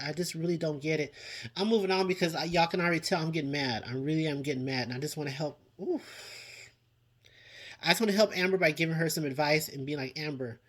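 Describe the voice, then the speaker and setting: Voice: mid-range voice, fairly bright tone. Exasperated vlogger reviewing reality TV. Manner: exasperated, dramatic, with frequent sighs and exclamations; addresses people directly and repeats lines for emphasis. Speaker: TV show reviewer, channel host. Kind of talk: casual vlog commentary.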